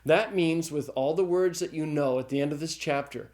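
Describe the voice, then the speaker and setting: Male Greek teacher, middle-aged; relaxed recorded lecture, light chuckles. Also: on the high side, normal speed. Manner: relaxed, chuckles often, checks in with "okay?".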